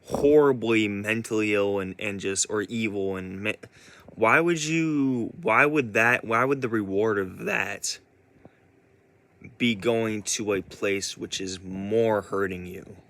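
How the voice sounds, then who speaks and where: A man's voice: lowish voice, slow, fairly bright tone. A man giving a casual spoken monologue as a vlogger, rambling with many restarts.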